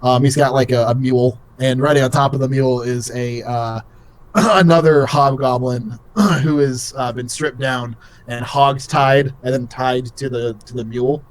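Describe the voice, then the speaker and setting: A man's voice: medium pitch, fairly even intonation, normal speed. A young man narrating as game master in a casual, rambling way full of fillers.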